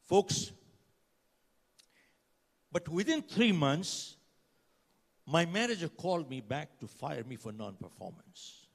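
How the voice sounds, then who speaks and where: A man's voice: on the high side, animated, takes it slowly, creaky, long pauses, breathy edge. An older man giving a motivational keynote, telling stories dramatically and acting out dialogue to the audience. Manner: dramatic storytelling, acts out dialogue, asks the crowd questions. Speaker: motivational speaker. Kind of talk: keynote speech to a live audience. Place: conference hall. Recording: reverberant hall sound.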